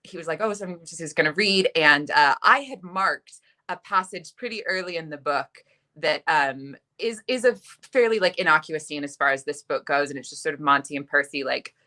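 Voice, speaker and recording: Bright, low-voiced woman telling stories. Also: moderate pace. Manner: chatty, self-deprecating, heavy use of "like". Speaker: author guest. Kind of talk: animated anecdote on a video interview.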